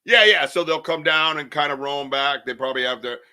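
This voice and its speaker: Male host. Bright, lively, joking, casual swearing. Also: on the high side, brisk, clean tone. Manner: animated, joking, swears casually, laughs often. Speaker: podcast host. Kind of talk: casual chat.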